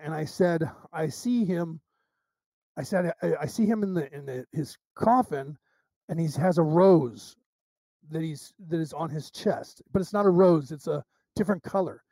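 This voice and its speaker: With a slightly high, creaky voice and a somewhat slow delivery, a middle-aged psychic medium tells stories in a casual interview. He animatedly acts out quoted dialogue, often starting sentences over, and there's no echo.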